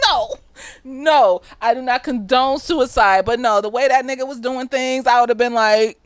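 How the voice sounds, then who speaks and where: A woman talking casually and profanely as she recaps a TV episode, slightly tipsy, often laughing and jumping into high squeaky voices for the characters. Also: a little slow, no room sound. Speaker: therapist reviewing a TV episode.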